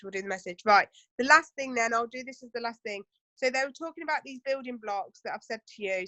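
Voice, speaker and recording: A woman's voice: mid-range voice, fairly bright tone, no echo. A woman running a casual training session for her team, chatty and full of asides and rhetorical questions.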